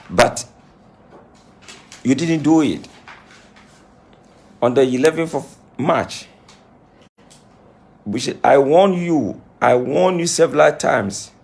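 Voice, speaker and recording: A man's voice: mid-range voice, darkish tone. A man speaking as a spiritualist in an impassioned monologue to camera, emphatic and repetitive as he scolds. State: says he is crying. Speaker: self-styled spiritualist.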